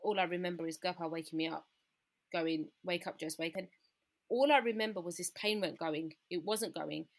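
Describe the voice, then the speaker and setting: British woman with a gravelly fry. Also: on the low side, moderate pace. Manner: candid, retells scenes by quoting people, frequent "like". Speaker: podcast guest. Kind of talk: personal storytelling chat.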